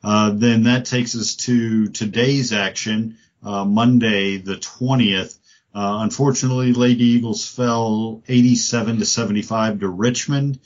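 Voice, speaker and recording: A man's voice: on the low side, unhurried. Laid-back man chatting sports, lo-fi. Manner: relaxed, rambling, many fillers. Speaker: sports podcast co-host. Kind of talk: casual sports chat. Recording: dull lo-fi audio.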